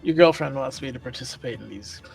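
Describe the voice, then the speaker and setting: A man's voice: mid-range voice, quick pace, gravelly, faint music behind. A man playing in a tabletop game, joking and rambling with hesitant fillers. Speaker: player. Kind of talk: casual tabletop play.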